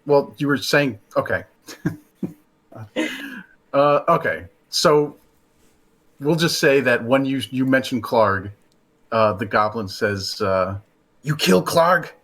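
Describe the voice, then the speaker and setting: A man narrating as game master, halting with fillers as he explains rulings. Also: mid-range voice, fairly bright tone.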